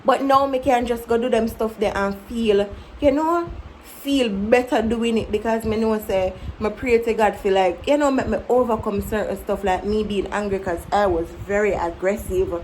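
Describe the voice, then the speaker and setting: A woman in her twenties with a Jamaican accent, talking candidly to camera about growing up, with animated storytelling. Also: medium pitch, normal speed, a little hiss or hum, rough recording. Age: 20s. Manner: candid, animated, breaks into mimicking her younger self. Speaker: vlogger. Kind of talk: casual reflective storytelling to camera.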